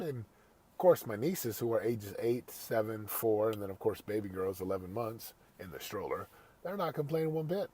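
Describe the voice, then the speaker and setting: A man's voice: fairly low pitch, expressive, moderate pace, warm tone, slightly rough. A man hosting a motivational podcast, telling a family story in an earnest, conversational way and turning it into a pep talk. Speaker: podcast host; father.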